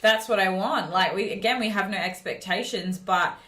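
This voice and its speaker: A woman co-host in casual podcast chat, talking bluntly and swearing freely. She tells client stories with lively quoted voices. Her voice sits at a middle pitch and bounces around a roomy, echoey space. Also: normal speed.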